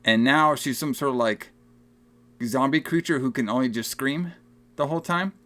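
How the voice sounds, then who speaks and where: A young man co-hosting a podcast, recapping a movie in casual, animated chat and laughing often. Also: mid-range voice. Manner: animated, laughing, acts out film lines in quick voices. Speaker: podcast co-host.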